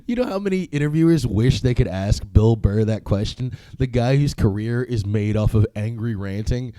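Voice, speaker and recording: A man's voice: mid-range voice, sing-song, normal speed, mellow, no room sound. A young man hosting a solo podcast, talking casually in a profane, rambling way, with frequent laughs and filler words. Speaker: podcast host.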